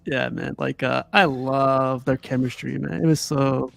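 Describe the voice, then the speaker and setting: A man's voice: medium pitch, fairly even intonation, measured pace, gravelly, no echo, soft background music. A man hosting a casual film review, talking loosely and laughing often. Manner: laughs often, rambling with fillers. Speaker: podcast host. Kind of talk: casual movie review chat.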